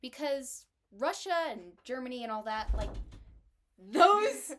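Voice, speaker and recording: Higher-voiced young woman co-hosting a podcast. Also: sing-song, measured pace, a bit bright, a little hiss or hum. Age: young adult. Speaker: podcast co-host. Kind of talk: casual chat reading old headlines.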